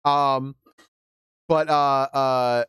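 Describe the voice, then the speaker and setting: A man's voice: mid-range voice, fairly even intonation, drawn-out words, a bit bright, smooth, no echo, studio quality. A male game streamer chatting casually and reading stories aloud to his viewers, candid and profane, with laughing asides.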